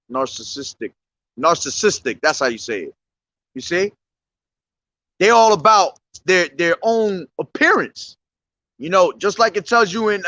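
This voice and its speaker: A man's voice: high-pitched, sharp tone, dry recording, highs cut off. A man preaching on the street in a blunt, profane, confrontational way.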